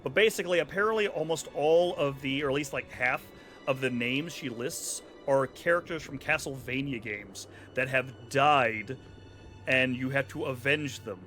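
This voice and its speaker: Chatty man game streamer, bright, lively voice, faint game music behind. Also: mid-range voice, moderate pace. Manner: chatty, joking, does silly put-on accents. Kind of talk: casual gameplay commentary.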